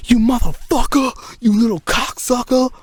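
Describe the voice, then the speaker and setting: Furious foul-mouthed mother yelling at her kids, pitched high , put on by a man. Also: steady tone, normal speed, husky, dry recording. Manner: shrill cursing tirade.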